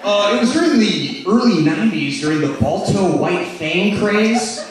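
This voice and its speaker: Guy doing stand-up, kinda high voice, super echoey room picked up from far off. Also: expressive, normal speed. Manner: rambling storytelling, lots of "like". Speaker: stand-up comedian. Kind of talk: stand-up routine. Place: comedy club stage. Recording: echoey room, mic heard from afar.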